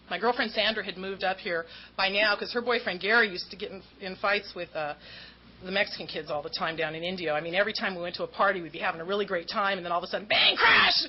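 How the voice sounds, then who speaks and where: A woman's voice: fairly low pitch, fast. A woman giving a candid, self-mocking talk as an AA speaker about her recovery, acting out the voices of people in her story. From Southern California. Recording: dull lo-fi talk recording with faint noise.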